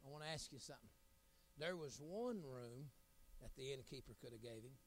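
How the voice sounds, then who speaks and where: A middle-aged man, an evangelist preaching a sermon, telling folksy stories and building to loud, shouted appeals. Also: mid-range voice, animated, fairly quick, a little hiss or hum.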